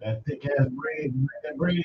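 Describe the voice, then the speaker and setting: A man hosting a morning radio show, chatting casually with co-hosts, laid-back and quick to laugh. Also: mid-range voice, reverberant. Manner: laid-back, laughs often, muses aloud. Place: radio studio. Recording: slightly muffled studio mic with faint background hiss.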